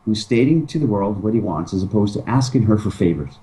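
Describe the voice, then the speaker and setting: Mellow low-voiced man giving dating advice. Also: brisk, poor audio. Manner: emphatic, plays out pickup lines in a lively voice. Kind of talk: casual interview talk.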